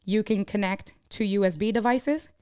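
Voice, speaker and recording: A woman's voice: mid-range voice, normal speed, darkish tone, clear, resonant tone, no echo, studio quality. A woman live streaming, chatting casually with viewers, demonstrating camera gear and reading comments aloud.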